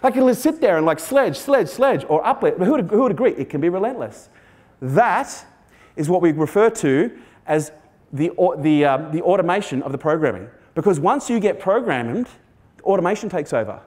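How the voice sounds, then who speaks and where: On a stage before a live audience, a man in his 40s delivers a motivational keynote, blunt and sweary, quizzing the crowd. His voice is high-pitched and very animated, darkish in tone, at a normal speed.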